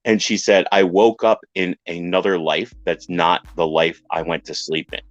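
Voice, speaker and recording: A man's voice: low-pitched, moderate pace, dry recording, lo-fi sound. A man casually retelling a strange story on a podcast panel, acting out the voices of the people in it. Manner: animated retelling, acts out quoted voices.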